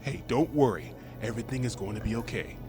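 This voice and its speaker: A man's voice: mid-range voice, fast talker, natural voice. Urgent man playing a resolute detective. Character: determined male detective, gruff and resolute. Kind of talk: horror audio drama. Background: music.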